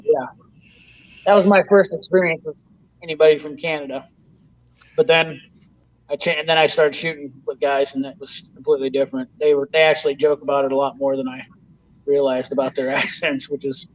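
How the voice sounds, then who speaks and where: A man with a notably high voice chats casually, rambling through long stories and swearing as he goes. The recording is dull and lo-fi. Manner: rambling storyteller, swears freely. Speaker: podcast host. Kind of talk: casual chat. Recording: dull lo-fi sound.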